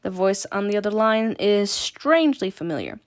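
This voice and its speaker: Woman audiobook reader, mid pitch, calm even narration. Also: normal speed. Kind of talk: reading a novel aloud.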